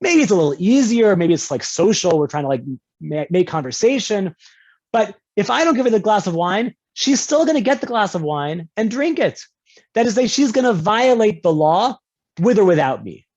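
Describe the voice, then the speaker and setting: A man's voice: big pitch swings, moderate pace, darkish tone. A man teaching an online class as a rabbi, conversational and playful with examples, often checking in with "right?", heard through a video call. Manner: playful with examples, jumps into higher pitch for quoted speakers. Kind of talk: online lecture on Jewish law. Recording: dull lo-fi video call audio.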